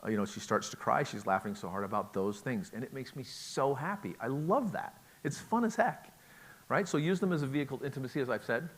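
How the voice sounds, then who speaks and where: A man's voice: medium pitch, expressive, brisk, husky. Chatty joking middle-aged man lecturing. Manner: chatty, joking, asks the audience questions. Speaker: conference speaker on relationships. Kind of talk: lecture to a live audience.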